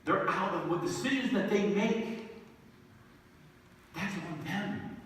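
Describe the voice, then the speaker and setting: A middle-aged male pastor preaching an earnest sermon, his somewhat high voice dropping low and then rising into emphatic bursts. He is heard from a distance in a big echoing hall with a long reverb tail and faint room noise. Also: slow. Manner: earnest, swells from quiet to emphatic. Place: church sanctuary. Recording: echoey hall, distant mic.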